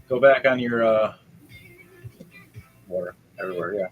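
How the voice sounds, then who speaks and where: A man narrating as game master, shifting between loud, excited bursts and quick, low asides. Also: poor audio.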